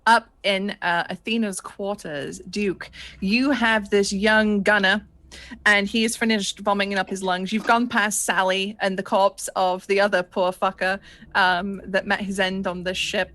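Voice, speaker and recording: A woman acting as game master, narrating a scene casually. She swears freely, jokes at her own expense, and speaks at a middling pitch for a woman. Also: little pitch movement, unhurried, fairly bright tone.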